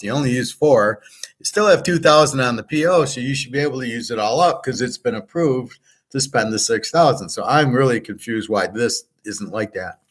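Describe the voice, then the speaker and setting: A man's voice: medium pitch, fairly bright tone. Frustrated profane man ranting. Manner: frustrated ranting, profane, acts out quoted exchanges. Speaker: sports picks show host. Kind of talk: casual monologue.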